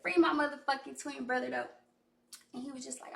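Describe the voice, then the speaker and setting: Young female artist, raspy fry, casual rambling story time, roomy and off-mic. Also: sits high, fairly even intonation, fairly quick. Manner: loose, profane storytelling full of "like". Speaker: recording artist. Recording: echoey room, voice far from mic.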